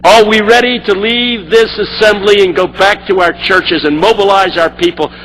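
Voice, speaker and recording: An older man preaching a sermon with impassioned energy, building up to shouting. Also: sits high, steady tone, moderate pace, slight background noise, poor audio.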